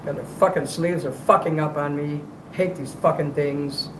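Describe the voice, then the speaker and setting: A man on a livestream fills the gaps between karaoke songs with profane, rambling chatter, his voice a little high, fairly even in intonation and moderately paced but strained and weary. The audio sounds roomy, with a noisy background.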